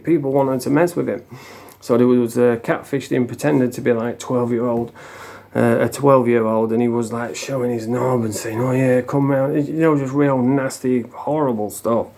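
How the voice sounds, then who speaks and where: A man recounting a story in a loose, rambling way, full of slang and quick chuckles. His voice is soft and mellow, sitting at an everyday pitch. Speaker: online commentator. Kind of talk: casual storytelling.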